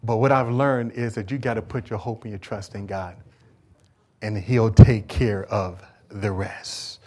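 A man preaching a church sermon, moving from quiet, conversational talk to loud call-and-response questions. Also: fairly low pitch, fairly even intonation, measured pace. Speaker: pastor. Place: church service.

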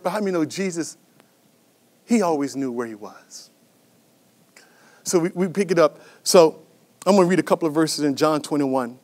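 A man preaching a sermon as pastor, passionate and dynamic, swinging from shouts to hushed whispers and calling out to the congregation. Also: fairly high pitch. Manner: calls out to the congregation.

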